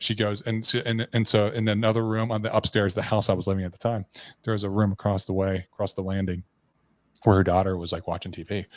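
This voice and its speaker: A man's voice: on the low side, no room sound. A man guest on a podcast, candidly telling a personal story in a blunt, profane way, full of restarts and slang.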